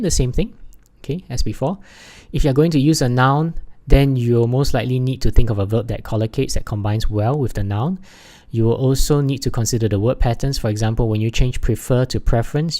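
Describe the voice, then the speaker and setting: A man teaching an English exam lesson over slides, halting often with fillers and restarts, and leaning hard on key words. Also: medium pitch, dark tone. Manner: stresses key words by raising his voice.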